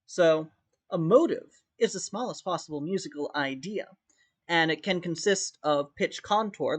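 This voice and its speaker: A man's voice: a little high, normal speed, a bit bright. A male music theory teacher explaining step by step in a recorded lesson, often demonstrating rhythms by humming them on "da". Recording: dull lo-fi recording.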